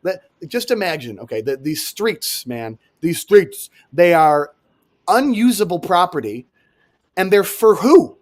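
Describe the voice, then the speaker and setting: A young man from New York co-hosting a casual comedic chat, animated and sarcastic, swearing freely. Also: high-pitched, unhurried. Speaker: podcast co-host.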